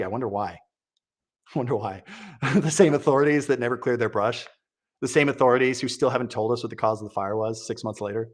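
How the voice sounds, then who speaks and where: A man giving sarcastic, exasperated political commentary, mocking what he reads aloud. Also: mid-range voice. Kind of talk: opinion commentary.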